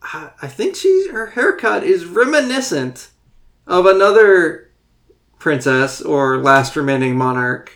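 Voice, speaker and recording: A man co-hosting a podcast in casual chat, animated and laughing easily, often restarting his sentences. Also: on the high side, measured pace. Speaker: podcast co-host. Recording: roomy echo.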